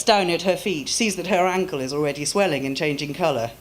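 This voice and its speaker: A woman author reading her own story aloud in a measured, expressive way at a live reading. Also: deep voice.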